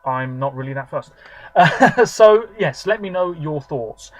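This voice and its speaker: A man's voice: fairly high pitch, animated, a little slow, poor audio. A man in his twenties, rambling chattily with lots of fillers as he reviews something on camera. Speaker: video reviewer. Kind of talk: casual solo review monologue.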